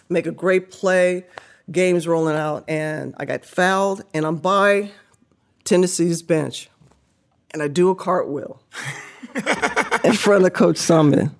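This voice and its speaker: An older woman and former basketball player telling stories as a podcast guest, animated and laughing, acting out what people said. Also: fairly low pitch, vocal fry. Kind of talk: casual storytelling interview.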